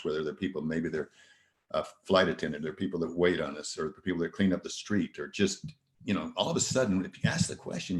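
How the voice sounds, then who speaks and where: A man with a very low voice giving an earnest motivational talk, mixing personal stories with rhetorical questions. His voice rings a little in an echoey room. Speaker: motivational speaker. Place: virtual event presentation.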